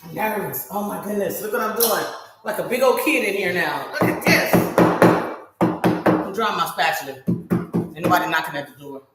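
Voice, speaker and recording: A hoarse middle-aged woman chatting with her viewers during a live home-baking stream, exclaiming to herself as she works. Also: on the low side, normal speed, pauses often. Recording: echoey room with music behind.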